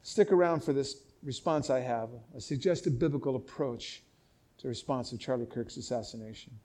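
A man's voice: mid-range voice, normal speed, a little mellow. A middle-aged man preaching a sermon, explaining scripture with emphatic, impassioned delivery and frequent restarts. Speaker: pastor.

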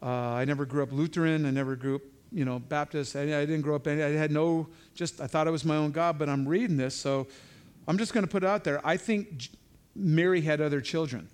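A man's voice: a little high, brisk, clear, resonant tone. A man giving an informal verse-by-verse Bible teaching, talking conversationally with frequent asides and restarts.

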